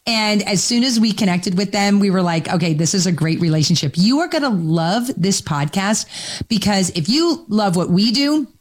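A woman's voice: medium pitch, lively intonation. Brief: chatty woman podcast co-host, casual friendly intro. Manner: chatty, friendly, quick asides. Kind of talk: casual chat.

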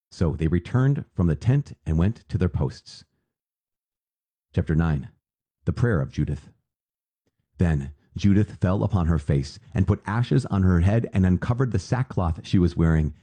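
A man reading scripture aloud in a measured, solemn way. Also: deep voice, warm tone, husky. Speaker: scripture reader.

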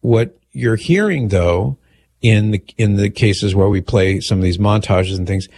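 A man with a fairly low voice hosts a talk radio show. He reads listener emails aloud and answers them in an easygoing, measured manner, chuckling now and then. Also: darkish tone.

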